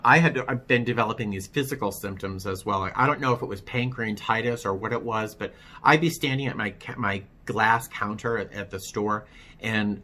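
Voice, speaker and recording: Bright-voiced man, halting testimony. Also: medium pitch. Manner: halting, with frequent restarts; candid, wry storytelling. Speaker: vlogger telling his recovery story. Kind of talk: personal testimony vlog.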